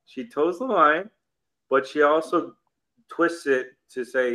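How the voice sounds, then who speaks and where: A man's voice: on the high side, slow, a bit bright, low-quality recording. A man hosting a podcast, ranting bluntly and profanely in casual banter. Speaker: podcast host.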